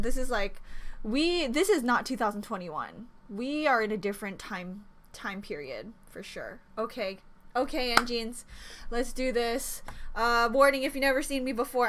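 A young woman hosting a reaction video, gushing and gasping with excited fan commentary. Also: high-pitched. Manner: gushing, squealing, gasping, rapid exclamations.

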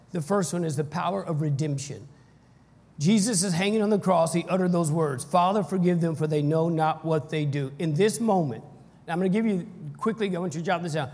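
High-voiced preacher in an echoey hall. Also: male voice, brisk, slightly rough. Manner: energetic preaching with call-and-response, shouting at peaks. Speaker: pastor. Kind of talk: sermon. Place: church hall.

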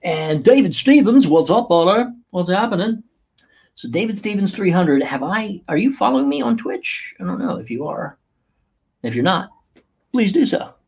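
A man's voice: sits high, very animated, normal speed, vocal fry, a little mellow, breathy edge. A man hosting a casual livestream as a podcast host and life coach, talking in an upbeat, playful and chatty way with many fillers.

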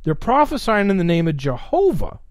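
Male online Bible teacher with a slightly high, animated voice on a dry, close mic. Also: normal speed, dry recording. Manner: animated, reads scripture aloud with asides.

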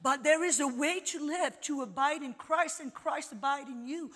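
High-voiced woman preaching in a hall. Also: moderate pace, few pauses. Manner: emphatic, swings from hushed to shouting. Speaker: conference speaker. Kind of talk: sermon. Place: conference hall.

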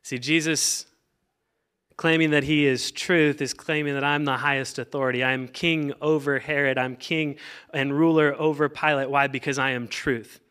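A man's voice: fairly high pitch, level tone, moderate pace, a bit bright, clean tone. A man pastor preaching a sermon, reading scripture aloud and urging the congregation to answer back. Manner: preaching with emphatic call-and-response to the congregation; reads scripture aloud between explanation.

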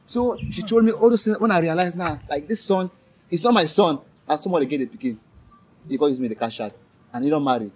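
An angry young man with a Nigerian accent, talking in a quick rush at a slightly raised pitch. He repeats himself and stresses his words. Faint noise hangs behind him in a street interview. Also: lively intonation. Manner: angry, emphatic, repetitive.

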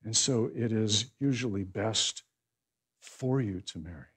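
A male pastor giving a conversational sermon that builds into loud, emphatic preaching. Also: fairly low pitch, slightly rough.

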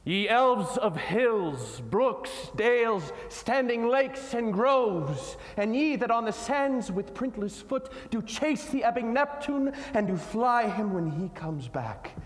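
A man playing an aging sorcerer who renounces his magic, reciting Shakespeare slowly and grandly on a stage. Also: sits high, big pitch swings, heavily acted. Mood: solemn. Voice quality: slow, declamatory. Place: large auditorium, live audience. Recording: echoey hall, long reverb.

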